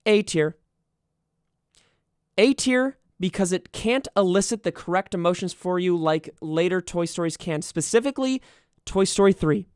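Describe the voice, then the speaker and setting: A man's voice: high voice, normal speed, darkish tone, smooth, no room sound, clean studio sound. A young man streaming and chatting casually, sarcastic and profane as he riffs on what he reads. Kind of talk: casual livestream commentary.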